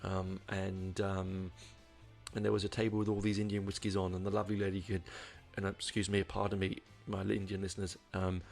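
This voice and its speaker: A man with a low, gravelly voice hosts a podcast and talks his way through an album review. He rambles, full of ums and restarts. Faint music sits underneath. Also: little pitch movement, a little fast, darkish tone. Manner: rambling, many fillers and restarts. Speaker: podcast host. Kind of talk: casual album review monologue.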